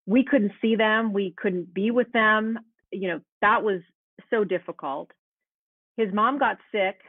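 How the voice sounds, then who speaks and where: A woman's voice: mid-range voice, no echo. An earnest woman recounts a painful personal story as an interview guest. Her voice comes through thin and tinny, like a phone call, with no room sound around it. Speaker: guest, meteorologist. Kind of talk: remote interview, personal account.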